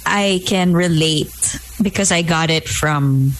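Woman from the Philippines, casual chat, thoughtful, code-switching, lower voice. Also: slow pace, rough recording. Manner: reflective, mixes Tagalog into English.

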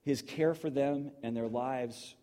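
A man's voice: medium pitch, slow pace, warm tone. A middle-aged man preaching in a conversational, emotional storytelling manner, full of restarts. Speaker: pastor. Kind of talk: sermon.

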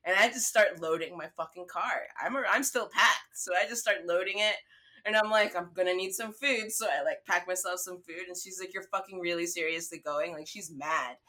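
A young woman spins a story in casual chat, cursing freely and acting out her own lines. Her voice is bright and forceful, sitting a little low. She talks casually throughout. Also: normal speed. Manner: profane, animated storytelling.

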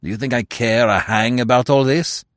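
A man voicing a gruff, furious older police inspector who speaks in curt snarls. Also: medium pitch, normal speed, no echo, studio quality, close to an everyday voice. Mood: snarling.

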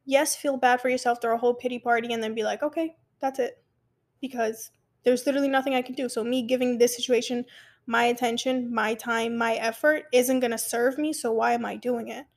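A young woman telling a personal story and giving advice in a chatty, animated way, often restarting her sentences. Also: on the high side, a little fast. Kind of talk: casual personal advice talk.

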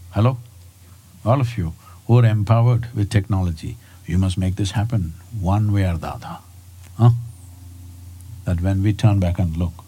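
A man's voice: on the low side, mellow, husky. A man in his sixties, a spiritual teacher giving a talk to a live audience, prodding his listeners with rhetorical questions. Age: 60s.

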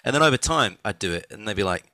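A man, an author and audiobook narrator, chatting as a guest in an animated, rambling way with many restarts. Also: on the low side, racing, no room sound. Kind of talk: casual conversation.

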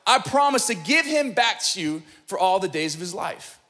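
A man voicing an anguished young woman who pleads in prayer, speaking slowly and earnestly. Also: high voice, big pitch swings, sharp tone, faint music behind, exaggerated voice. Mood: pleading. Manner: pleading, slow.

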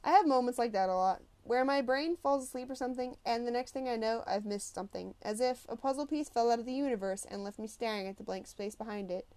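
A woman's voice: fairly high pitch, fast talker, hardly any pauses, a little mellow. Woman telling a story expressively. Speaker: audiobook narrator. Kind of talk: scripted first-person narration.

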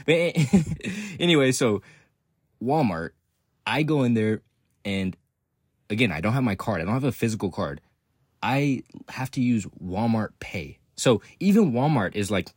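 Young male host, low husky voice, profane rambling rant that jumps into excited bursts. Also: brisk, no room sound, studio quality. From Texas. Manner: profane, rambling, laughs often, swings up into excited outbursts. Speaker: podcast host. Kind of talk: casual ranting monologue.

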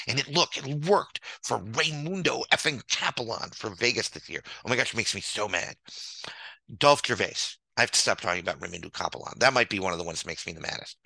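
A man's voice: mid-range voice, expressive, fairly quick, gravelly, bright, forceful tone, no echo, low-quality recording. A man hosting a show, ranting with theatrical mock anger over slides and repeating his points for emphasis. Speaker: host.

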